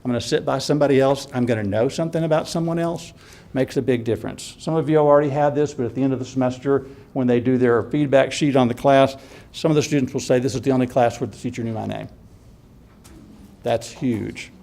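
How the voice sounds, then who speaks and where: A man's voice: medium pitch, fast, creaky, warm tone. A man presenting a workshop to college instructors, talking casually and laughing often while acting out students' questions. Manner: conversational, chuckles often, acts out student questions.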